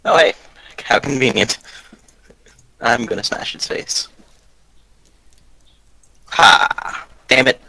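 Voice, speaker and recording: A man playing a tabletop game, brash and quick to react. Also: medium pitch, vocal fry, pushed and bright, husky, poor audio. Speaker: player.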